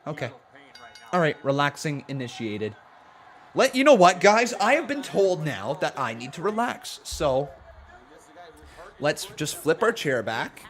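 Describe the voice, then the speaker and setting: A man hosting a live wrestling watch-along stream, talking in a jokey, excitable, self-mocking way from a home setup. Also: fairly high pitch, a little slow, long pauses. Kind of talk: live-stream reaction commentary.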